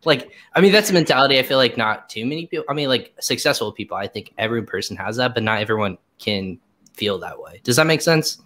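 A woman's voice: very deep voice, expressive, quick pace, a bit bright. A young woman hosting a casual panel chat, playful and laughing, full of likes and fillers. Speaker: host.

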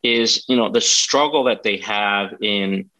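A man's voice: lowish voice, measured pace, sharp tone, rough recording. A man hosting an interview who encourages his guest and asks long, carefully framed questions. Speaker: interview host. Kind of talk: interview conversation.

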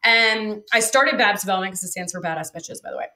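A woman's voice: medium pitch, quick pace, bright, forceful tone. A woman guest telling stories frankly in a casual interview, with many fillers. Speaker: guest, real estate developer.

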